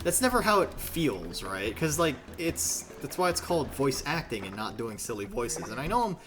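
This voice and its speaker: A man's voice: medium pitch, big pitch swings, normal speed, background noise. A man streaming a video game who rambles casually, makes fun of himself and swears freely. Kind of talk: casual gaming stream commentary.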